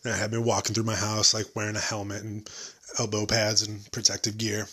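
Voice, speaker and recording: A man's voice: lowish voice, monotone, a little fast, fairly bright tone, breathy edge. A man in his late twenties hosting a solo podcast, rambling casually, self-deprecating and swearing freely. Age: 20s. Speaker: podcast host.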